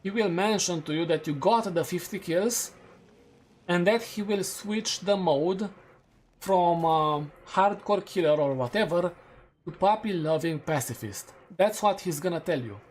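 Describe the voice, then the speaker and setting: Rambling gaming streamer. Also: male voice, high voice, unhurried. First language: Romanian. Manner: rambling, thinking aloud, hedging and correcting himself. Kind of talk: casual live-stream chat while gaming.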